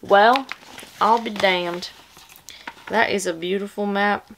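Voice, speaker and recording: A woman doing a folksy, put-on Southern US drawl, hammy and playful, pitched in a middling range with a faint hiss behind her. The delivery leans into the drawl with teasing glee. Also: fairly even intonation, slow pace, fairly bright tone.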